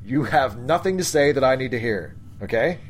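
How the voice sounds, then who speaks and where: A man's voice: mid-range voice, expressive, normal speed. A man co-hosting a podcast, playing along in an improvised comedy sketch in a laid-back, joking way. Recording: noisy background.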